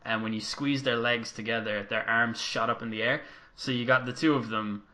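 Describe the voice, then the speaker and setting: A man's voice: medium pitch, fairly even intonation, moderate pace, bright, forceful tone. A man co-hosting a wrestling podcast in casual chat, telling stories with easy swearing. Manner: chatty storyteller, casual swearing. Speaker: podcast co-host.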